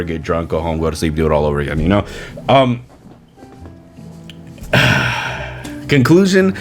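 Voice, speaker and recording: Animated ranting podcast man. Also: mid-range voice. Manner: exasperated, incredulous rhetorical questions. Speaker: podcast host. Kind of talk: casual commentary rant. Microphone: studio mic with pop filter.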